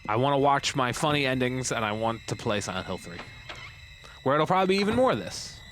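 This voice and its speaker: A young Canadian man with a Canadian accent chats casually while streaming a game, rambling and cursing. His voice is lively and swings in pitch, with faint game ambience behind him. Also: fast, slight background noise. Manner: rambling, joking and swearing. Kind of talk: casual live-stream chat.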